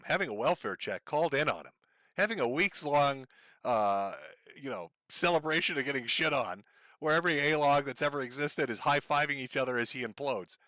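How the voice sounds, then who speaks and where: A man's voice: mid-range voice, pushed and bright, dry recording. A man hosting a live stream who gives sarcastic, profane commentary on clips and often breaks into laughter. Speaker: stream host.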